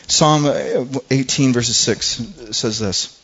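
A man's voice: medium pitch, moderate pace, lo-fi sound. A man preaching a sermon in an earnest, conversational way, often restarting his phrases. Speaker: pastor.

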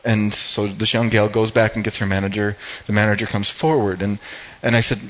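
A man's voice: on the low side, steady tone, a little fast, a bit bright, highs cut off. Older man telling a rambling sermon story. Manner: rambling and conversational, with many restarts and asides. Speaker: speaker giving a devotional talk.

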